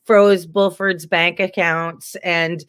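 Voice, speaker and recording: A woman guest from Canada in casual political chat, talking in a heated, rambling, animated way with many fillers. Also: fairly low pitch, slow pace, smooth, dry recording, clean studio sound.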